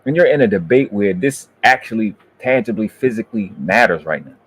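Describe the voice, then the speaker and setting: A man hosting a debate review, ranting in heated, profane commentary that berates and swings up into shouting. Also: on the low side, lively intonation, a little fast, husky.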